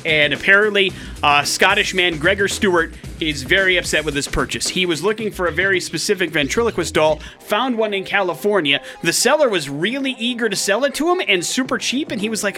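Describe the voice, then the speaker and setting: A man on morning radio with a high, bright voice, tossing out headlines in easy, jokey studio chatter. Faint music sits under his voice. He keeps the talk loose and playful. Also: lively intonation, a little fast, hardly any pauses. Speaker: radio morning show co-host. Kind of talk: casual radio chat and news headlines. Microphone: studio microphone.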